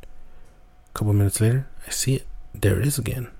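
A man's voice: medium pitch, normal speed, gravelly, dark tone, slightly rough. A man casually telling a personal story as a podcast host, rambling and swearing often.

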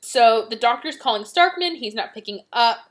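A woman hosting a podcast, retelling a movie plot in casual, quick chat and acting out the characters' lines. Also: fairly high pitch. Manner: animated, quick retelling with acted-out quotes. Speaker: podcast host.

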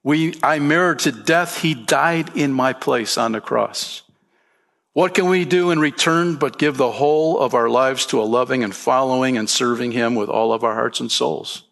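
A man's voice: medium pitch, normal speed, vocal fry, fairly bright tone. A man preaching a sermon as pastor, emphatic, lifting his voice for key points and calling listeners "man" and "friend".

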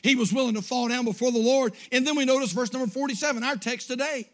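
Male pastor, very high and piercing voice, fervent sermon that swings between shouts and hushed lines. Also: quick pace. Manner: preaches in rising, shouted bursts, then drops low and quiet; acts out prayers and quotes in a pleading voice.

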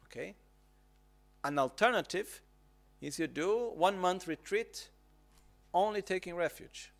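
Calm guy teaching meditation, kinda high voice, keeps asking "okay?". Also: measured pace, creaky. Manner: calm, repetitive instructive phrasing, checks in with "okay?". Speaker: Buddhist teacher. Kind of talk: dharma teaching on retreat.

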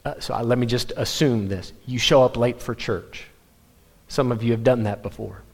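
A man preaching a sermon, telling stories animatedly with quick restarts. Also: mid-range voice. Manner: animated storytelling, self-interrupting restarts. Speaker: pastor. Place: church sanctuary. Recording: long hall reverb.

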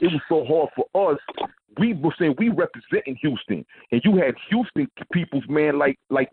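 Phone-in guest: New man, husky voice, tinny line, laid-back storytelling. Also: medium pitch, dry recording. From New York. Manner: laid-back, fills lines with "man" and "you know what I'm saying". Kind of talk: casual storytelling.

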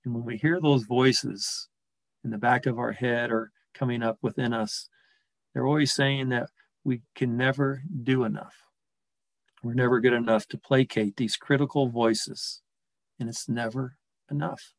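Soft-spoken reflective male preacher. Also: medium pitch, steady tone, vocal fry, no room sound, rough recording. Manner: gentle, reflective, slows and softens on key words. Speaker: pastor. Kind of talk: sermon.

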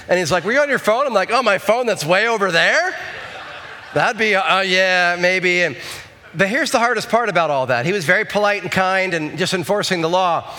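Bright-voiced pastor telling funny stories. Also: male voice, high-pitched. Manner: humorous, animated storytelling. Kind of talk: sermon with personal story. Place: church sanctuary. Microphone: handheld or headset mic.

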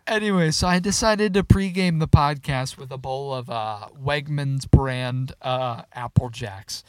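A man's voice: medium pitch, measured pace, smooth, no echo. A young man co-hosting a casual podcast from his car, rambling and laughing often, with a lot of swearing. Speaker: podcast co-host. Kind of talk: casual chat.

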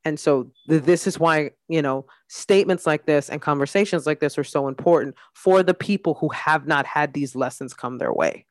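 A woman's voice: sits low, normal speed, few pauses, dry recording, studio quality. A woman podcast host and mother talking in a blunt, candid casual chat, leaning on "like" as she makes her points. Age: adult mother.

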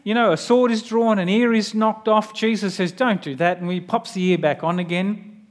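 A man's voice: sits high, steady tone, moderate pace. A man preaching a sermon in an earnest, conversational way, often turning to the listener with direct questions.

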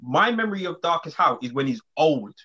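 A man in casual podcast chat, animated and quick to interrupt. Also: a little high, husky. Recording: dull lo-fi audio.

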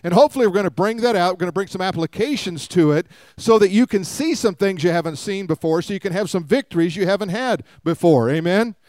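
Man preaching, high voice, smooth clear tone, storytelling, acts out voices. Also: animated, fast talker, few pauses, darkish tone, no room sound, clean studio sound. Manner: storytelling, acts out quotes, asks congregation to respond. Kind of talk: sermon.

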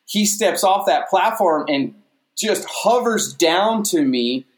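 A man telling a stage story in a casual interview, animated and often repeating "you know what I mean". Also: high-pitched, takes it slowly, roomy sound. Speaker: guest, stage performer.

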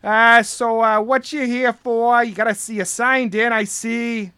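A man voicing a big, gruff security guard, talking slowly and bluntly. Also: very high voice, fairly even intonation, pushed and bright, dry recording, clean studio sound, pitched above the performer's own voice, full character voice. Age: 50s.

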